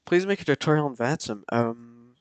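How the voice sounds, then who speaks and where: This flight sim streamer plays pilot, chatting casually with viewers, reading back radio calls, and answering chat in a relaxed way full of fillers. He speaks at normal speed with a medium-pitched voice, and the clean recording has no room sound.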